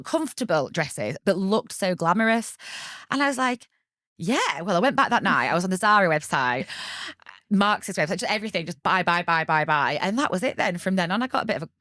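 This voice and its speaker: A woman in her thirties, a podcast guest, telling her own story candidly in an animated, chatty way. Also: medium pitch, no room sound, studio quality. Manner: chatty, animated, laughs often and acts out quoted voices.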